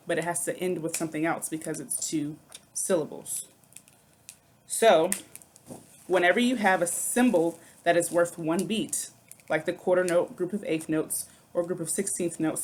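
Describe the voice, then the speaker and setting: A woman's voice: low voice, slight background noise. A woman music teacher explaining rhythm syllables in a recorded lesson, patient and step by step, checking in with "okay".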